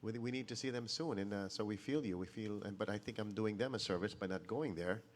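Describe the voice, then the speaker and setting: Soft-spoken man. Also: fairly low pitch, fast. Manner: soft-spoken, mixes in Filipino phrases. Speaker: singer hosting a livestream. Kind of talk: casual chat from home. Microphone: phone or laptop on a livestream.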